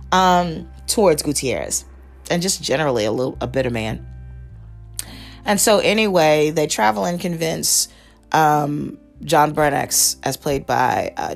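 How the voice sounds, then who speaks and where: A woman with a notably low voice talks through a TV series on her podcast, rambling and correcting herself as she goes. Faint music plays underneath. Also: vocal fry. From United States. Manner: rambling, lots of fillers and self-corrections. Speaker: podcast host. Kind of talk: casual rambling review.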